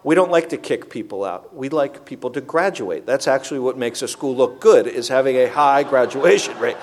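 A man telling his recovery story to a meeting in an earnest, animated way. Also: medium pitch, moderate pace, a little hiss or hum. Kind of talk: personal recovery testimony.

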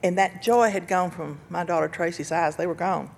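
An older woman giving an earnest personal testimony about recovery and loss, telling her story with bursts of laughter and loud quoted lines. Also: lowish voice, fairly even intonation, moderate pace, vocal fry, husky. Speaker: speaker sharing recovery story.

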